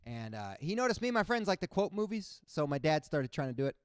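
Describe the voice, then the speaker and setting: A young man from Cuba works through a stand-up set with a smooth, clear voice held close to the mic in a dry sound. His everyday pitch sits a little high, and he keeps breaking into animated, squeaky character voices. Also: quick pace, dry recording. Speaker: stand-up comedian. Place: comedy stage before a live audience.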